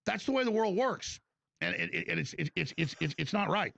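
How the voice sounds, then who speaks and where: A man ranting as talk show host in a heated monologue, stumbling over restarts. His voice is high and gravelly and swings widely in pitch. The sound is dry and dull, like lo-fi broadcast audio. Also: lively intonation, brisk, fairly bright tone.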